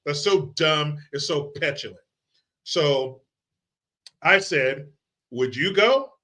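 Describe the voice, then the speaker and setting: A man's voice: on the high side, slow, pushed and bright. A man hosting a live commentary stream, ranting in a casual, mocking and profane way. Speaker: livestream host.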